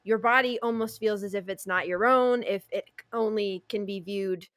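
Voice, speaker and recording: A woman's voice: mid-range voice, normal speed, a bit bright, no room sound, studio quality. A woman co-hosting a podcast, chatting casually in a wry, exasperated way and laughing often. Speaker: podcast co-host. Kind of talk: casual chat.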